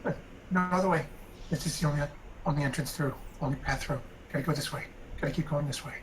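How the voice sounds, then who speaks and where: A man's voice: a little high, slight background noise, lightly acted, rough recording. A man doing a jittery little gnome guide. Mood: insistent. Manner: hurried, repeats himself. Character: small anxious gnome guide, urgent and jittery.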